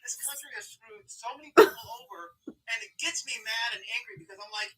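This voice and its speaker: A man's voice: very high-pitched, quick pace, pushed and bright, distant mic, rough recording. A man calling in to a live talk stream, speaking in a heated, profane, rambling way. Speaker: caller. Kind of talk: heated call-in conversation.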